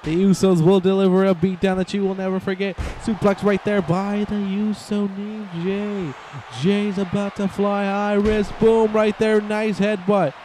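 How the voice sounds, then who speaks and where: A man giving excitable, rambling play-by-play commentary over a wrestling video game, shouting on the big moves. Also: sits high, a little slow, a little hiss or hum.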